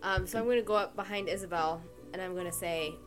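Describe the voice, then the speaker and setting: Low-voiced woman player, casual. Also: fast. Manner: casual, hesitant fillers. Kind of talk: tabletop game play. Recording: background music.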